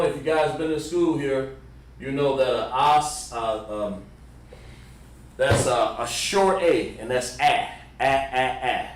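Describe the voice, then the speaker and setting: A man with a Southern American accent teaching pronunciation on a livestream, halting and repeating words as he sounds out syllables slowly. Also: medium pitch. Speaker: religious language teacher. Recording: roomy sound from a distant mic.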